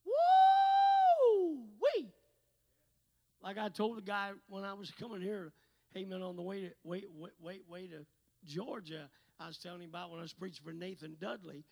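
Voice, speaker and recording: A man preaching a revival sermon, swinging from hushed asides to shouted exhortations. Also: high voice, steady tone, brisk, creaky, low-quality recording.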